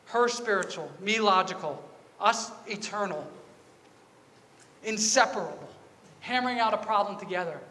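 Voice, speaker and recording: High-voiced preacher in a big hall. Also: male voice, animated, moderate pace, bright, forceful tone. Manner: earnest, confessional storytelling with repeated phrases. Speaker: pastor. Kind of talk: sermon. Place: church sanctuary. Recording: reverberant church hall with faint ambience.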